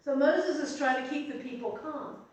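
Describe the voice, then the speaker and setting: A woman's voice: high voice, normal speed. A middle-aged woman pastor leading an informal Bible study, talking conversationally with asides, recorded from a distance in a church meeting room. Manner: conversational, chatty with asides and restarts. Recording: echoey room from far off.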